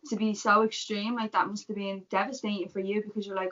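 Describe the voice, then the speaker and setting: Woman, interview host, sympathetic, mid-pitched voice, dull lo-fi recording. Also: little pitch movement, fast, hardly any pauses, fairly bright tone. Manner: sympathetic, sums up the guest's feelings. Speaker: podcast host. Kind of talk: interview podcast. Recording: dull lo-fi sound.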